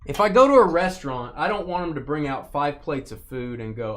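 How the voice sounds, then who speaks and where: A man hosts a live card-break stream in a loose, joking way. He rambles and shifts his pitch a lot as he talks. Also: lively intonation, fast, few pauses, fairly bright tone. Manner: joking, rambling, reads viewer chat aloud. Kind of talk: casual live-stream chat.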